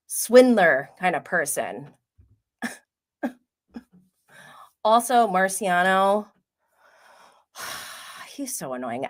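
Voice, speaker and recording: A woman hosting a casual pop culture livestream, chatting quickly with many "like" fillers and frequent laughs. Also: medium pitch. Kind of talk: casual gossip chat.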